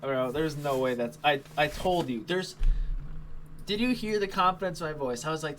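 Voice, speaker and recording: A man's voice: a little high, expressive, moderate pace, a bit bright, slight background noise. A young man streaming live as he trades, talking casually, thinking aloud and swearing now and then. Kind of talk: live stream trading commentary.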